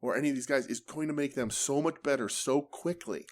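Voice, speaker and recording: Profane, animated male podcast co-host. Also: mid-range voice, a little fast. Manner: profane, animated, mimics promos. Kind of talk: casual wrestling chat.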